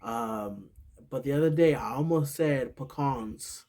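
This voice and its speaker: A man from New York with a New York accent, hosting his own vlog outdoors near a highway and chatting in a rambling, easygoing way. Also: measured pace, dark tone. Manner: rambling and chatty, with many fillers and laughs. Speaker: vlog host. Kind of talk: casual chat. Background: passing traffic.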